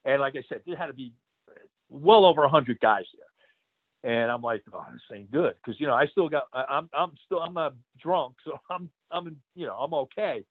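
A man's voice: on the high side, lively intonation, normal speed, husky, no room sound. Male ex-wrestler guest, casual storyteller, filler-heavy delivery, phone-quality dry audio. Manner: rambling, many fillers, laughs through stories. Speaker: retired pro wrestler guest. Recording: tinny phone-like line.

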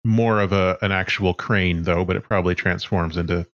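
A man's voice: deep voice, steady tone, moderate pace, fairly bright tone, no room sound, lo-fi sound. A man narrating as game master in a casual way, with fillers and hesitations.

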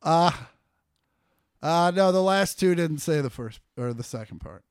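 A man with a fairly high voice co-hosts a podcast, joking loosely and cursing freely as he reads out fan mail. His voice is close and dry with no room around it. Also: animated, unhurried, clean tone, no room sound. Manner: jokey, loose and profane, reading listener mail aloud. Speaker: podcast co-host. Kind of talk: casual podcast chat.

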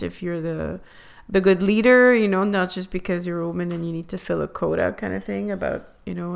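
A woman who is a podcast guest, talking in casual chat, thoughtful and pausing with fillers. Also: lowish voice, creaky.

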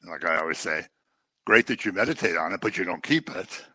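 A man's voice: low-pitched, animated, fast, sharp tone, husky, no echo, low-quality recording. A man preaching a conversational sermon, full of joking asides and everyday stories.

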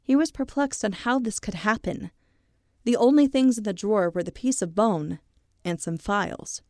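A woman's voice: medium pitch, normal speed, a little mellow, dry recording, clean studio sound. A woman co-hosting a casual podcast, reading a true story aloud with chatty asides. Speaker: podcast co-host.

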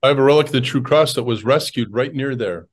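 A man's voice: medium pitch, fast talker. A man with a Wisconsin accent, a priest co-hosting a podcast, who talks in a chatty, anecdotal way. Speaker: priest and co-host. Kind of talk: casual podcast chat.

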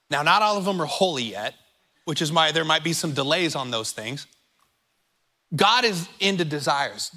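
A man's voice: high-pitched, bright, forceful tone. A man preaching a sermon to his church in a conversational, emphatic way, a little out of breath from pacing the stage. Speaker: pastor. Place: church sanctuary.

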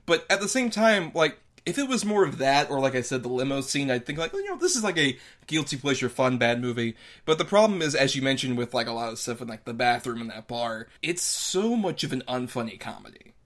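A young man co-hosting a casual movie-review chat, animated and laughing often, breaking into quick impressions of the characters. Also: mid-range voice. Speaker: podcast co-host reviewing a movie.

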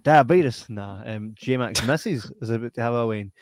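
A man's voice: fairly low pitch, steady tone, moderate pace, no room sound. Scottish podcast host, young man, sweary, laughs a lot, dry close-mic sound. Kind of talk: casual chat.

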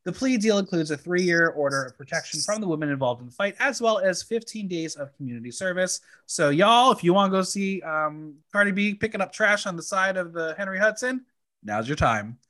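A man's voice: high-pitched, animated, brisk, pushed and bright. A man hosting a casual podcast chat, reading news items and adding his own asides. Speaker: host.

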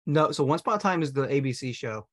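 A man's voice: medium pitch, animated, quick pace, breathy edge. A man in casual chat who speaks bluntly, swears freely and reacts with disbelief.

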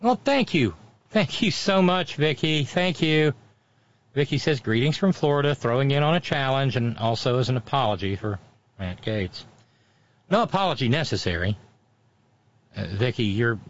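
Man, political commentary host, sardonic, mocking asides, slightly dull lo-fi audio. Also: mid-range voice.

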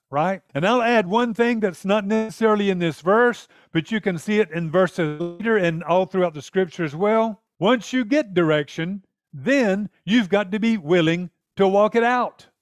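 A man's voice: high-pitched, expressive, measured pace, no echo, studio quality. A man preaching a sermon in an earnest, emphatic way, often acting out prayers.

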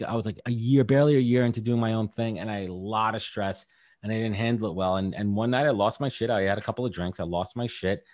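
Fast-talking man, candid podcast guest. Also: fairly low pitch, darkish tone. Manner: rambling, candid, lots of fillers. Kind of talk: casual podcast chat.

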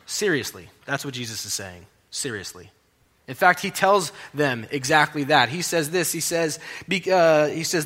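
A male pastor preaching in a chatty, emphatic way, his voice bright and forceful. A long reverb trails each phrase, as if in a big church hall. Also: a little high, expressive, normal speed. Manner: conversational, emphatic storytelling preacher. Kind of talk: sermon. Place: church in New York City.

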